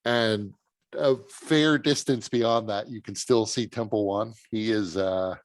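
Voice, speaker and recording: Easygoing low-voiced man running the game. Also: steady tone, slow, dry recording. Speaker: game master. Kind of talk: narrating a tabletop game.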